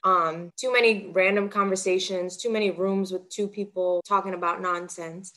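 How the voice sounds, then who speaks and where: A woman's voice: medium pitch, steady tone, moderate pace, pushed and bright. A young adult woman co-hosting a podcast, telling stories in casual chat with lots of filler words. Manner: chatty storyteller, lots of "like" fillers. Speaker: podcast co-host.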